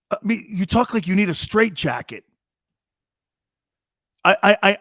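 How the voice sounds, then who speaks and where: A man's voice: high-pitched, sing-song, normal speed, long pauses, fairly bright tone, no echo, clean studio sound. A man in his fifties hosting a sports talk show, ranting in a brash, mocking and profane way.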